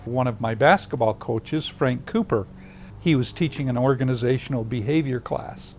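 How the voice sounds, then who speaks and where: An older man being interviewed, telling a personal story in a lively way, acting out what others said and dropping to a hushed voice at tender moments. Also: medium pitch, moderate pace, a little hiss or hum. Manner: animated storyteller who acts out others' lines.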